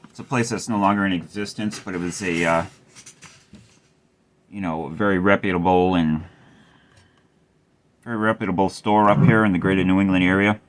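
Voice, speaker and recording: A man's voice: sits low, fairly even intonation, normal speed, long pauses. A middle-aged man casually rambling through an amp repair at his workbench, wry and swearing now and then. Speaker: amplifier repair host. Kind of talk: casual workshop tutorial.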